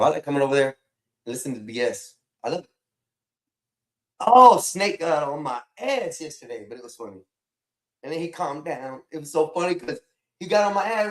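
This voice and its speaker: A man hosting a casual livestream, rambling and repeating phrases as he talks to his chat. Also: on the high side. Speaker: livestream host.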